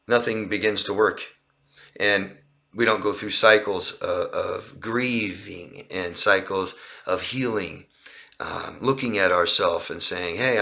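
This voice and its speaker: With a lowish voice and a sharp tone, a man works through viewer questions as a relationship coach in a live Q&A by a street outdoors. He's earnest and explanatory, often repeating phrases or starting them over.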